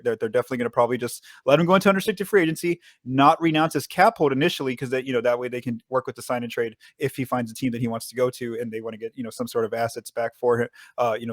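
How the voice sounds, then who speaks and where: A man hosting a sports podcast, talking fast and casually with many fillers and restarts. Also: medium pitch, no echo, clean studio sound. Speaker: podcast host.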